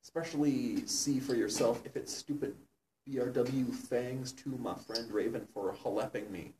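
A man's voice: mid-range voice, normal speed, dark tone. A young man reads aloud with mock seriousness and stops now and then to comment. His voice sounds a little far from the mic in a roomy, echoing space. A faint hiss sits underneath. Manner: mock-serious, breaking into laughter and asides. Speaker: reader of a fan story. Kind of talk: comedic dramatic reading.

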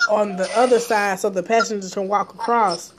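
A woman, a driver telling blunt, animated stories in casual chat, acting out both sides. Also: medium pitch, normal speed, background noise. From Atlanta, Georgia area. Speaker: rideshare driver sharing stories.

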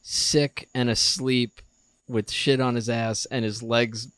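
A man's voice: medium pitch, takes it slowly, smooth, no echo. A man in his thirties, co-hosting a podcast, telling a story in casual chat and acting out a child's lines. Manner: animated storyteller, acts out a child's voice in quotes. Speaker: podcast co-host.

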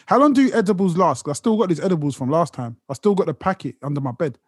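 Fast-talking joking podcast guy. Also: high voice, animated, darkish tone, husky, no room sound, clean studio sound. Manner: laughing, joking, quick banter. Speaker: podcast co-host. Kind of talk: casual chat.

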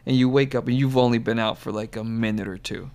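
A man's voice: mid-range voice, steady tone, fast, darkish tone, smooth. Rambling, laughing male podcast host. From United States. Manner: rambling, laughs often, loose fillers. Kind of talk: casual chat.

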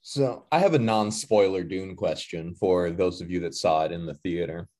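A man co-hosting a casual chat, animated and full of questions. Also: low voice, moderate pace.

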